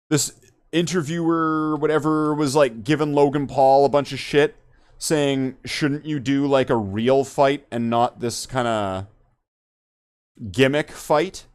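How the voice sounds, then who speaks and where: A man's voice: mid-range voice, a little mellow, clear, resonant tone. A man hosting a podcast in casual chat, rambling and joking, swearing freely. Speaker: podcast host.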